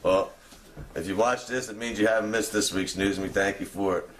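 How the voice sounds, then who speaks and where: Deep-voiced deadpan mock news anchor. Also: male voice, a little fast, slight background noise. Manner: deadpan anchor delivery with chuckles. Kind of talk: mock newscast. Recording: echoey room with faint ambience.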